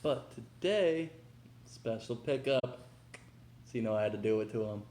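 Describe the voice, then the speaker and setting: A young man hosting a casual unboxing vlog, talking in an excitable, slangy, hyped way. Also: mid-range voice, normal speed, slight background noise. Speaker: vlogger. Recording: echoey room.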